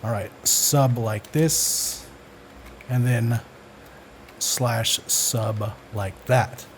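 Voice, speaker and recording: A man's voice: medium pitch, steady tone, drawn-out words, slight background noise. A man hosting a casual screen-recorded coding lesson, thinking aloud with fillers and self-corrections as he works. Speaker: coding tutorial host.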